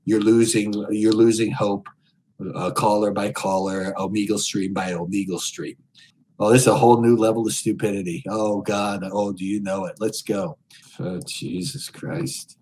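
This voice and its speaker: A man's voice: fairly even intonation, moderate pace, slight background noise, poor audio. Brash crude-talking middle-aged man. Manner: brash, bellows loud high greetings then mutters insults low; vulgar and mocking. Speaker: streamer chatting with strangers on a video chat site. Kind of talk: crude prank streaming.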